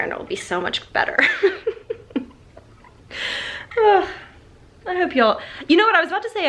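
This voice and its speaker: A woman's voice: mid-range voice, a bit bright. Young woman, casual vlog chat, rambling, self-deprecating, indoors at home. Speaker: vlogger. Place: living room at home.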